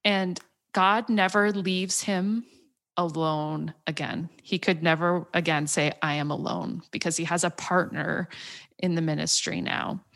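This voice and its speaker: A woman with a low-set voice talks through scripture in a casual discussion. She sounds earnest and reflective, slowing down to stress her key points. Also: steady tone, a bit bright. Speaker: podcast co-host. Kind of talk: casual Bible study discussion.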